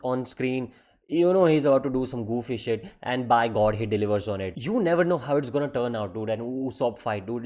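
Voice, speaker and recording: A man's voice: mid-range voice, darkish tone. Exasperated man ranting profanely. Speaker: anime commentary creator. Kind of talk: comedic rant.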